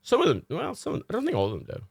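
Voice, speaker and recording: A young man hosting a livestream, telling rambling anecdotes in casual chat, animated and full of swearing. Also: sits high, quick pace, gravelly, slightly rough, no room sound, studio quality. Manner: animated storytelling with swearing and quoted voices. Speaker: livestream host.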